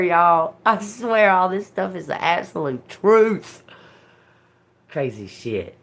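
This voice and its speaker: A woman hosting a casual tarot livestream, talking straight to her viewers. Her voice sits fairly low but rises and falls with lively swings. She swears freely and laughs often as she tells her story. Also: slow pace, long pauses, slight background noise. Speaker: tarot reader livestream host.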